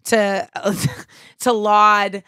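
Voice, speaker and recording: A young adult woman hosts a relaxed conversation. She talks bluntly and with real animation, leaning on "like" often. Her voice sits in an ordinary middle pitch and is recorded dry and close. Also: extremely slow, smooth, no room sound. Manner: blunt, animated, says "like" a lot. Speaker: podcast host. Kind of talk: casual chat.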